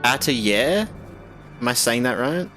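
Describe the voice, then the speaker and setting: A man's voice: medium pitch, animated, slow pace, pushed and bright, faint music behind. A man with an Australian accent chatting casually with his live-stream audience, bantering, musing aloud and chuckling often. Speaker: game streamer.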